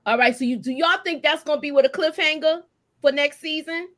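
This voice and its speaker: Woman, live-stream host, AAVE speaker, animated and chatty, slightly high voice. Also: fairly quick. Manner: animated, chatty, greets viewers, laughs often. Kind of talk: casual live recap chat.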